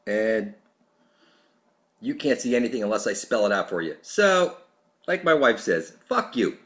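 A man's voice: lowish voice, lively intonation, a little slow, fairly bright tone. A man hosting his own channel, delivering an aggressive, profane, preachy rant straight to camera. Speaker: channel host. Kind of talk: ranting monologue to camera.

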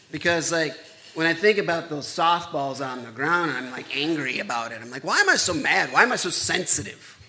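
A man's voice: on the high side, bright, forceful tone. A man in his thirties telling a true personal story live on stage, candid and conversational with self-deprecating humor.

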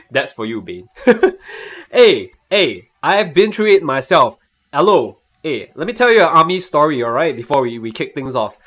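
A young man with a Singaporean English accent, chatting casually and excitably on a live stream and laughing often. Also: a little high, unhurried.

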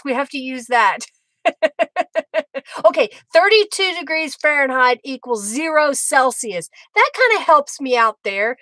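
A chatty middle-aged woman hosts a live craft demo, laughing often between remarks. Her voice sits high and bright. The sound is close and dry. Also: dry recording, poor audio. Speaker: craft livestream host.

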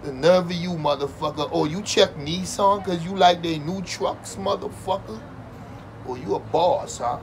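A man's voice: on the high side, moderate pace, noisy background. A man doing a profane comedic rant, mocking and sarcastic, swearing constantly and breaking into fake wailing.

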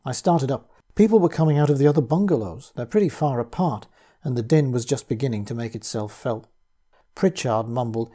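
A man reading a first-person horror tale aloud, his delivery measured and grave. His voice is mellow and warm, with a husky grain to it. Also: medium pitch. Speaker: audiobook reader.

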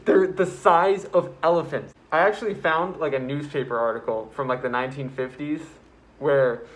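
Excitable man rambling through a vlog. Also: a little high, normal speed. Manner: excitable, rambling, self-mocking asides; building a card house while talking. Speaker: vlogger. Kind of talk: casual vlog storytelling.

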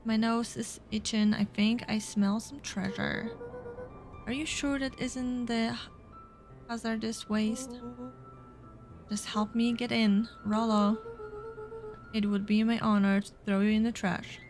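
Slow-talking woman gamer. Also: fairly high pitch, fairly even intonation, darkish tone, faint music behind. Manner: casual, playful, with fillers. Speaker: let's play gamer. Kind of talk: reading game dialogue aloud.

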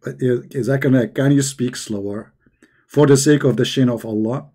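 A man hosting a call-in debate show, talking in a sarcastic, teasing way with many halting fillers. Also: medium pitch, mellow. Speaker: host.

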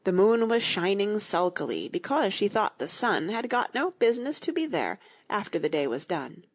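A woman narrating a children's audiobook, reading rhymed verse in an expressive, rhythmic way. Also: mid-range voice, moderate pace.

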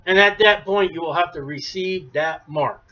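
A man preaching a sermon, emphatic, rising to near shouts then dropping low. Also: moderate pace. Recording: dull lo-fi recording.

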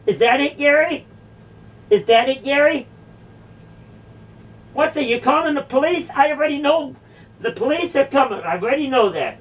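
A woman's voice: high-pitched, expressive, normal speed, long pauses, distant mic. A woman delivering a confrontational, mocking monologue, sarcastically repeating phrases back. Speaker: video creator confronting a church.

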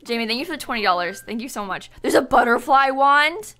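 A woman's voice: a little high, lively intonation, a little fast, fairly bright tone. A young woman streaming a video game, chatting casually, giggling often and squealing dramatically at what happens on screen.

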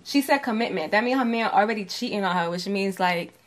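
In casual podcast chat, a New York co-host speaks fairly quickly in a mid-range voice, going on at length about her points and imitating the voices of others.

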